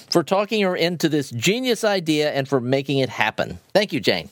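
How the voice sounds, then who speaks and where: Male co-host, animated delivery, cheerful, dry studio sound. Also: fairly high pitch, brisk, no echo. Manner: upbeat, reads listener reviews aloud. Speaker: podcast co-host. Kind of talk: casual podcast chat.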